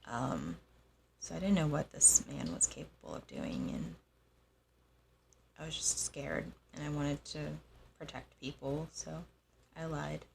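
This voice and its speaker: A young woman with a low voice and a gravelly edge tells her own story. She speaks slowly and haltingly, with her pitch moving widely. She pauses often and talks softly. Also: expressive, a little hiss or hum. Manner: halting, soft-spoken, with frequent pauses and fillers. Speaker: host. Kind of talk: personal storytelling monologue.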